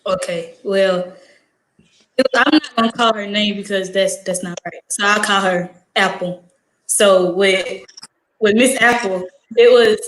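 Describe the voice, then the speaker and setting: A teenage girl and high school student, telling a story in casual chat, acting out the dialogue with lots of fillers. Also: echoey room, rough recording. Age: teens. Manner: animated, acts out quoted dialogue, many "like" fillers.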